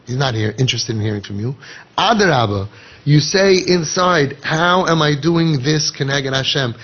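Male rabbi, lively lecturer, raspy tone, dull low-fi recording. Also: moderate pace. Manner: animated, acts out inner voices and dialogue; mixes Hebrew and Yiddish phrases into English. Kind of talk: Torah lecture. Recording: dull lo-fi podcast audio.

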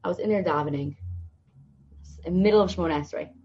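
A woman's voice: on the low side, quick pace, lo-fi sound, slight background noise. A young woman, a podcast guest, telling stories in conversation and acting out the voices of the people in them. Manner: lively storyteller acting out quoted voices. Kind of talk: storytelling in conversation.

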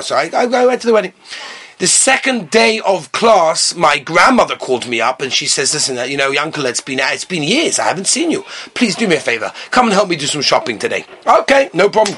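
Animated high-voiced man giving a sermon. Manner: animated storytelling with Hebrew and Yiddish terms, rising to impassioned calls. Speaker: rabbi giving a Torah talk.

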